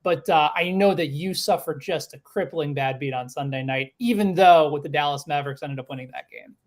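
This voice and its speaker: A man hosting a sports betting podcast, steering the talk in a measured way with frequent "uh" fillers. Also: on the high side. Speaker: podcast host. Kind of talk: casual podcast chat.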